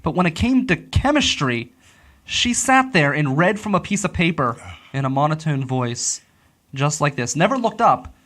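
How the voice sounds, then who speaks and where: Man, young adult host, fairly high voice, enthusiastic, encouraging, chatty storyteller. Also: very animated, moderate pace, a bit bright. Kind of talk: local talk show interview.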